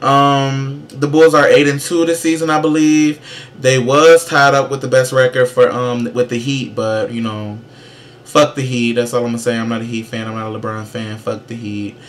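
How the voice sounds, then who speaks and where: A man hosting his own casual show, giving sassy, profane, emphatic pop-culture commentary with brash shout-outs. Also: mid-range voice, little pitch movement, normal speed. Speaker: show host.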